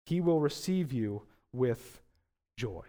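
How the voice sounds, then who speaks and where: A man's voice: medium pitch, expressive, slow, mellow. A young adult male pastor preaching a sermon in a conversational way, often asking rhetorical questions.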